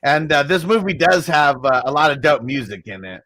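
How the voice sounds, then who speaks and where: A man co-hosting a podcast, relaxed and agreeable, swearing casually. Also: fairly high pitch, normal speed, no room sound. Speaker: podcast co-host. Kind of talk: casual chat.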